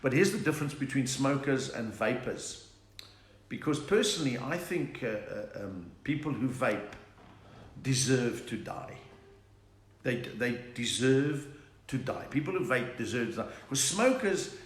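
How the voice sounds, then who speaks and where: A South African man, a comedian, hosting a live online chat, telling quick-fire jokes and laughing at his own lines. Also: medium pitch, lively intonation, echoey room. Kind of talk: live stand-up joke session. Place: room at home.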